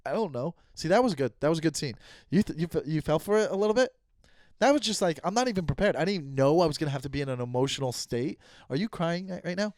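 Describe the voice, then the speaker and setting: A man's voice: on the high side, expressive, fast talker, a little mellow, no room sound, studio quality. A man hosting his own comedy podcast, talking in a casual, rambling, mock-earnest way and stumbling over his words.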